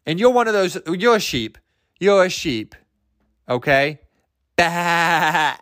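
Young guy rambling on his own podcast, goofy, voice bouncing all over the place, kinda high. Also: big pitch swings, unhurried, no room sound, studio quality. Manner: goofy, self-amused, rambling, laughs at own jokes. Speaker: podcast host.

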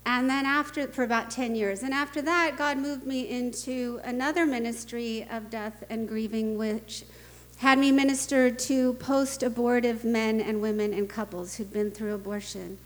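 A middle-aged woman speaking at a conference, telling anecdotes and jokes in an animated way and laughing often. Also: on the high side, moderate pace, in a large hall. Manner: animated storytelling, laughs often, acts out quoted voices.

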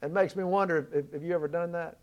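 This Southern preacher speaks quickly in a high voice, keeping a steady tone as he retells the story with earnest conviction, leaning in and rising to loud emphasis at important moments. The recording's high frequencies are cut off.

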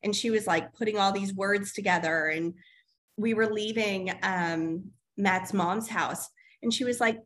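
Woman in her 30s chatting on a mom podcast, easygoing, lots of likes and laughs, mid-pitched. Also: fairly even intonation, moderate pace, fairly bright tone. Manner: chatty, many fillers, laughs often. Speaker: podcast co-host. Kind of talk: casual chat.

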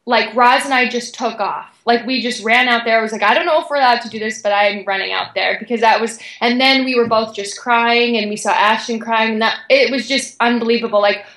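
A young woman guest, an athlete, telling a story in an excited, chatty way with many "like"s. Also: fairly high pitch, a little fast, hardly any pauses, roomy sound, rough recording. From Canada. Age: young adult. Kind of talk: animated storytelling.

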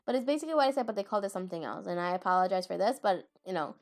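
A woman's voice: mid-range voice, very fast. A woman chatting casually about anime, rambling, laughing and often stopping to correct herself. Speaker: anime vlogger. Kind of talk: casual chat.

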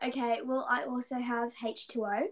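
High-voiced, gushing woman. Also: normal speed, a crowd in the background. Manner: gushing, excitable, fangirly. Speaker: podcast co-host. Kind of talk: casual chat.

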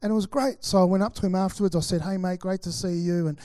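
Middle-aged Australian pastor, high-pitched, anecdotal preacher who acts out his quotes, dry close sound. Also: steady tone, fast talker, warm tone, dry recording. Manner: chatty storytelling, acts out quotes, many fillers. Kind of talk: sermon with personal stories.

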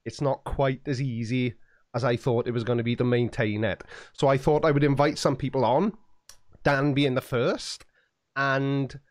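A man's voice: mid-range voice, no room sound, studio quality. Chatty man hosting a live stream. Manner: chatty, rambling, self-deprecating. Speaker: podcast host. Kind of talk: casual live-stream chat.

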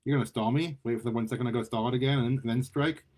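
A man's voice: medium pitch, fairly even intonation, very fast, a little mellow, natural voice. A man reading aloud and voicing a smug, mocking female super-powered thief in a raised voice. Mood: taunting. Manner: nonchalant, mocking.

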